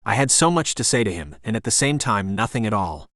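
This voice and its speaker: A man narrating a romance audiobook in the first person, in a measured, introspective way. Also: on the low side, very animated, fairly bright tone, dry recording, studio quality.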